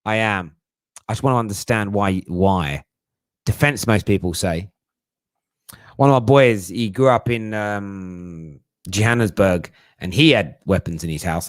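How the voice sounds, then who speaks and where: A man's voice: fairly low pitch, normal speed, dry recording, clean studio sound. A young man hosting a casual live chat, jokey and slangy, laughing often. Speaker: livestream host.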